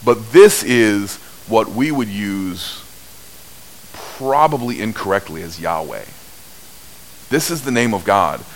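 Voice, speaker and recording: A man preaching a sermon, telling stories at an unhurried pace with big swings in pitch and loudness. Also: animated, a little hiss or hum, poor audio. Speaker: pastor.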